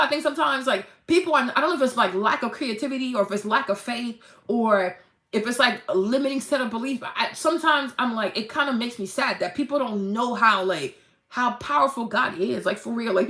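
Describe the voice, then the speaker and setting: A woman with a high, swooping voice gives a casual, preachy pep talk about faith. She acts out mock-dramatic voices and swears freely. The sound is echoey, as if in a bare room. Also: lively intonation, fairly quick, a bit bright. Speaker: vlogger.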